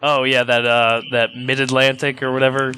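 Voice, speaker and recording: A man's voice: medium pitch, little pitch movement, normal speed, bright, forceful tone. A man hosting a podcast in casual banter, teasing his co-hosts and giving blunt opinions. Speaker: podcast host.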